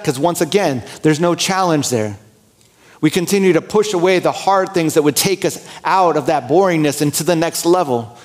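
Conversational, slightly high-voiced male pastor. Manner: conversational, candid, acts out inner dialogue and prayers. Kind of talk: sermon.

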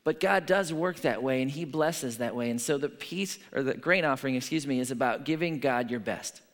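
A man's voice: medium pitch, normal speed. Conversational man preaching in a reverberant hall. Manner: conversational, storytelling, frequent "right?" asides. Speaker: pastor. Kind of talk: sermon.

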